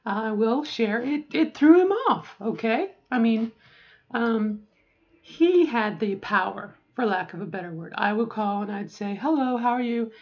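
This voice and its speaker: A woman's voice: a little high, expressive, a little slow, dull audio. A middle-aged woman talking casually to camera, rambling with asides and often checking in with "okay?". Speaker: vlogger.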